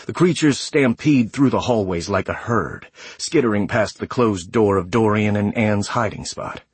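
A man reading a sci-fi horror story aloud in a measured, graphic storytelling manner. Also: on the low side, slightly rough, no echo. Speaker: narrator. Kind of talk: scripted audiobook narration.

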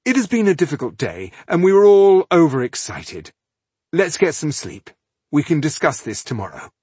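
A man's voice: a little high, big pitch swings, normal speed, a little mellow, breathy edge, no echo, voice pushed up. A man reading an audiobook, voicing an anxious male actor who speaks in a pleading, soothing way. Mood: placating.

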